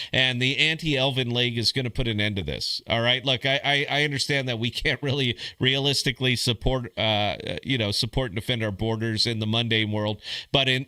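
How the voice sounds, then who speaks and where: A man's voice: mid-range voice, pushed and bright, no echo. A man hosting a podcast in a crude, sardonic casual rant, calling listeners "man" and "brother". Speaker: podcast host.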